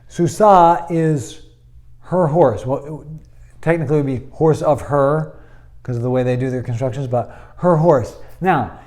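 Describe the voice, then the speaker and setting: A man's voice: fairly high pitch, a little mellow. A man, teaching a Hebrew grammar lesson, patient and explanatory, with many fillers.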